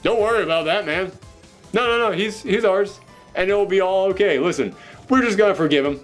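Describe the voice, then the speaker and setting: A man putting on a hero leader who treats a killing as no big deal. His tone stays breezy and dismissive and sits a little high. Soft music hums behind him. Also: a little fast, close to an everyday voice. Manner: offhand, dismissive reassurance.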